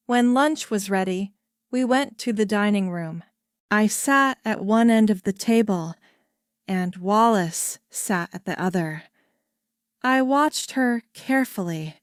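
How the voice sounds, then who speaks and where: A woman narrates a story slowly and carefully, her clear, crisp voice sitting close and dry. She reads it as a simple scripted tale for language learners, keeping an even pace. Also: medium pitch, no room sound. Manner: careful, evenly paced reading.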